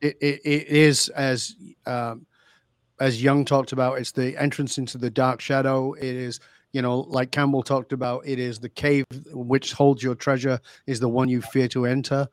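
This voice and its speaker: A man's voice: mid-range voice, normal speed, no echo, clean studio sound. A man telling stories as a guest in a podcast interview, acting out the dialogue with energy. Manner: animated storyteller, acts out dialogue. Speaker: leadership speaker, guest.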